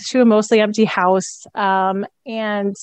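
A woman's voice: mid-range voice, level tone, unhurried, clear, resonant tone, no room sound. A middle-aged woman, a guest in an interview, candidly and reflectively telling a personal story with a laugh now and then.

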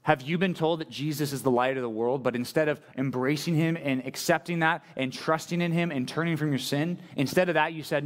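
A man's voice: a little high, a little fast, hardly any pauses. A middle-aged male pastor preaching a conversational sermon, asking listeners direct questions and acting out the quoted voices.

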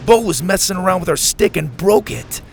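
Man playing an accusing young boy, high and loud, gravelly edge, storybook. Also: expressive, moderate pace, soft background music. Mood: angry. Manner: accusing, shouting. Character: angry young boy, bully-ish classmate.

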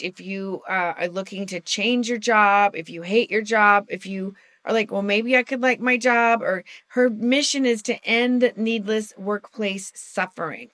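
A woman's voice: medium pitch, fairly bright tone, dry recording, clean studio sound. A woman co-hosting a casual video podcast, chatty and laughing often as she acts out little quotes. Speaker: podcast co-host.

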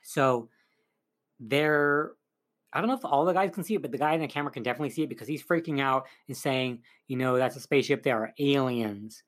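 A man's voice: a little high, fast talker, fairly bright tone. A man casually recapping a film's plot as a reviewer, rambling with lots of fillers. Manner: chatty, rambling, full of "like" and "um". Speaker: film reviewer.

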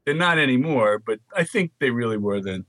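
An older man from the Bronx, telling animated stories as an interview guest. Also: mid-range voice, fairly quick, no room sound. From New York, Bronx. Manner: animated anecdotes with quoted dialogue. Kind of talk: storytelling interview.

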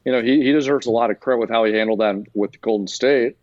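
A man, a sports writer, giving a measured, caveat-heavy analysis as a guest in a casual talk. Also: mid-range voice, a little mellow, no echo, dull audio.

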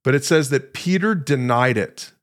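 A man teaches from the Bible on a podcast, his voice sitting in an ordinary middle pitch. He tells the story with animated emphasis and acts out the quoted lines. He keeps a conversational tone and speaks straight to his listeners. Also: moderate pace. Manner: conversational, addresses listeners directly.

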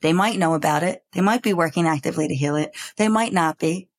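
A woman's voice: lowish voice, quick pace. A woman in her forties co-hosting a podcast, talking in a reflective, thoughtful way. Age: 40s. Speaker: podcast co-host. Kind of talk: casual conversation.

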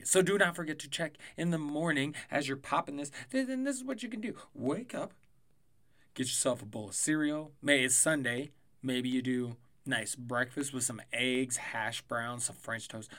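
Talking at an ordinary pace, this young male podcast host has a mid-range, animated voice with a fairly bright tone. He chats about sports predictions in a loose, profane, rambling way.

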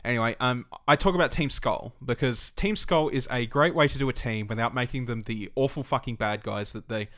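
A man co-hosting a gaming podcast in loose, casual chat. His voice sits at an ordinary middle pitch. He talks with energy, swears freely and slips into mock voices to make his point. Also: a little fast, few pauses, a bit bright. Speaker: podcast co-host.

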